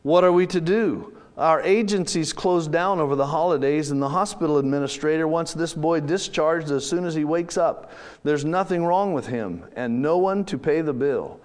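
A man's voice: fairly high pitch, normal speed, darkish tone, natural voice. A man voicing a tall, businesslike woman social worker, speaking formally and matter-of-factly in a read-aloud story. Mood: concerned.

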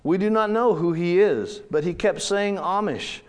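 A man's voice: sits high, unhurried, voice pushed up. A man voicing a tall, businesslike woman social worker, speaking formally and matter-of-factly in a read-aloud story. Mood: concerned.

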